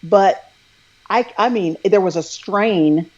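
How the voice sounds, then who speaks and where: A woman's voice: mid-range voice, slow, darkish tone, highs cut off. A middle-aged woman talking casually and earnestly as a guest on a live video call, telling a story in a thoughtful way. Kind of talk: casual conversation over a live video stream.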